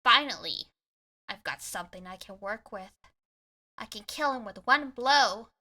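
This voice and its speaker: A woman reading aloud the inner monologue of a grim young man fighting a vampire, in a quiet, measured voice. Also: a little high, expressive. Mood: resolute. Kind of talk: reading visual novel narration aloud.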